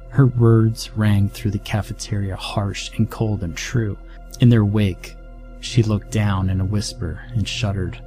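A man with a low voice narrates a scary story in a steady, dramatic way. Music plays clearly under his narration throughout. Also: unhurried. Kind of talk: scripted horror narration.

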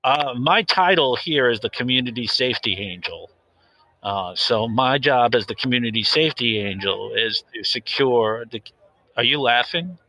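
A man's voice: mid-range voice, expressive, normal speed, sharp tone, no room sound, poor audio. A man playing an earnest young self-styled safety officer in an improvised mock interview, talking hesitantly with many fillers and getting defensive.

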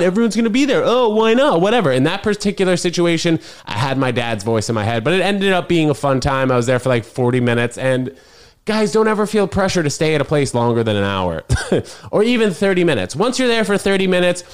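A man's voice: mid-range voice, clean tone. Rambling young man vlogging to viewers. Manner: loose rambling delivery, addresses viewers as guys. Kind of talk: casual vlog chat.

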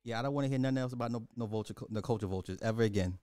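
Man, middle-aged, livestream host, casual commentary, blunt profane rant, repeats himself, warm low timbre, dry sound. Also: very fast, no echo.

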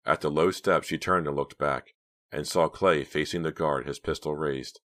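A man narrating an audiobook in a quiet, steady reading voice. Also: a bass voice, moderate pace. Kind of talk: scripted narration.

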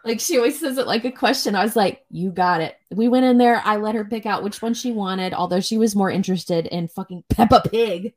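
A young woman co-hosts a podcast and chats loosely during a livestream. Her talk wanders from one thing to the next, full of restarts and casual swearing. Her voice sits at an ordinary middle pitch for a woman. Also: fairly quick, few pauses, darkish tone. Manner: chatty, rambling, swears freely. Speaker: podcast co-host.

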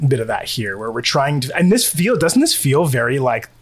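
A man co-hosting a podcast in loose, rambling conversation. His pitch rises and falls a lot as he talks, and he leans on fillers and little laughs. He sounds like he is recording at home. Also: very animated, normal speed, slightly rough. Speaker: podcast co-host. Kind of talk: casual chat. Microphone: home recording setup.

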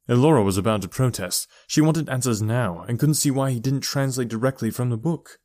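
A man reads a novel aloud in a steady, even storytelling voice that sits on the low side. The recording is close and dry, with no room sound. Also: brisk, hardly any pauses, no echo. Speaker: audiobook narrator. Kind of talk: scripted narration.

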